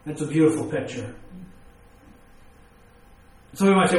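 A man's voice: a little high, expressive, fairly quick, pauses often, heavy reverb, low-quality recording. A man preaching a sermon, reading scripture and explaining it with everyday examples and rhetorical questions.

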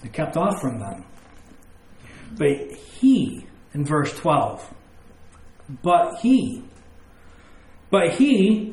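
A man's voice: fairly high pitch, huge pitch swings, drawn-out words, long pauses, darkish tone. Emphatic man preaching in an echoey room. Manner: emphatic, repeats key words, stresses points with questions. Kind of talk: sermon.

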